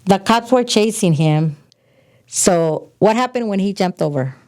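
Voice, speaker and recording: A middle-aged woman from California, a podcast guest telling frank, animated stories about her past in casual conversation. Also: mid-range voice, unhurried. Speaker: podcast guest, host's mother. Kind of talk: casual storytelling chat.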